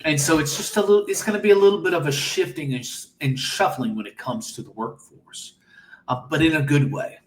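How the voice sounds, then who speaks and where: A man's voice: on the high side, fairly quick, roomy sound, a little hiss or hum. Enthusiastic man telling business stories. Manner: enthusiastic, storytelling. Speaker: guest, AI business owner. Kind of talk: casual interview.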